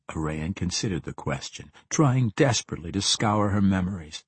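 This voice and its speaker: A man reads a fantasy audiobook in a steady, even-paced way. His voice sits low and sounds husky. The recording is close and dry, with no room sound. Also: moderate pace, no room sound. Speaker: audiobook narrator. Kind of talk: scripted fantasy narration.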